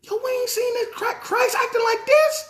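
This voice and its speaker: A man voicing startled disciples in a sermon, shouting and flustered. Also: extremely high pitch, steady tone, normal speed, voice pushed up. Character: startled disciples, a group of young men. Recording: roomy echo.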